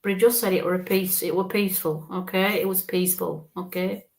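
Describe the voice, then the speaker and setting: A woman with a lilt gives a live psychic reading in a soft, reassuring manner. She keeps checking in with a gentle "okay?" as she passes on messages. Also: fairly low pitch, steady tone, brisk. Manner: gentle, reassuring, often ends phrases with "okay?". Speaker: psychic medium.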